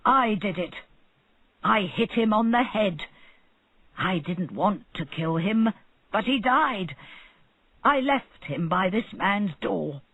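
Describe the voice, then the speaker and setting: A narrator voicing a hot-tempered old male bird seller who shouts, in a narrow phone-like recording. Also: mid-range voice, expressive, slow, pauses often, no room sound. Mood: pleading. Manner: shouting, then guilty.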